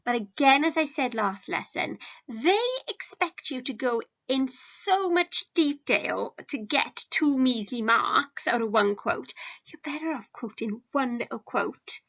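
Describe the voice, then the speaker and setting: A woman's voice: a little high, animated, a little slow, creaky, fairly bright tone, highs cut off. A woman, an English teacher giving a recorded lesson in a chatty, self-deprecating way with many ums. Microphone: home recording for a video lesson.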